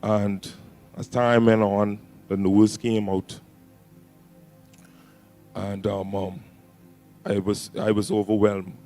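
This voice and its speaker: A grieving man speaking at a funeral about a friend, halting with pauses and fillers. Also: fairly low pitch, flat delivery, warm tone, soft background music. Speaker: mourner at a funeral. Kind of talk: funeral tribute.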